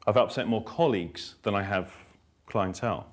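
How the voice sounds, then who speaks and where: A man's voice: on the low side, moderate pace. A man, a therapist and trainer, giving a live workshop talk in an emphatic, blunt way, repeating key lines and telling stories with dry self-mockery.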